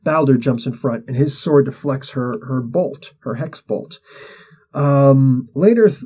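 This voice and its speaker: A man's voice: mid-range voice, unhurried, warm tone, husky. A man hosting a show, casually retelling a comic story in a slangy, rambling way, acting out the characters' lines. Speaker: host.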